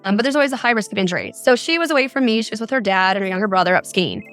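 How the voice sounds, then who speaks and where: A mother of four from Arizona, appearing as a podcast guest, recounts a frightening phone call in earnest detail. Her medium-pitched, slightly bright voice has lively intonation and moves very fast, with soft music in the background.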